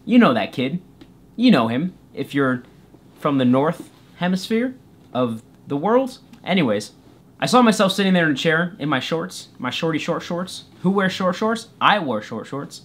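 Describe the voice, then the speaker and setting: A man's voice: fairly high pitch, big pitch swings, moderate pace. A young man telling a comedic story to camera, goofy and self-deprecating, jumping into silly voices for the people in it. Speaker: YouTuber storyteller. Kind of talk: comedic story time vlog.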